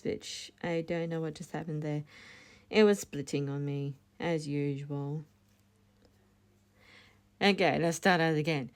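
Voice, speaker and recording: A woman walks through a crochet tutorial step by step in a casual, chatty way, correcting herself and laughing at her slips. Her voice is low, slow and gravelly, a little mellow, with long pauses.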